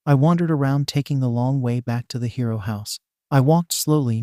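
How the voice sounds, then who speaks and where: Man reading a story in a dark dry voice. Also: medium pitch, a little fast, dry recording. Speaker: narrator. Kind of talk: first-person fan fiction reading.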